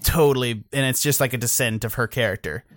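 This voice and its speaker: A man's voice: medium pitch, quick pace, a bit bright, no echo, studio quality. A man co-hosting a casual podcast, rambling and cursing, often stopping mid-thought to correct himself. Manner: rambling, profane, self-interrupting. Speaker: podcast co-host.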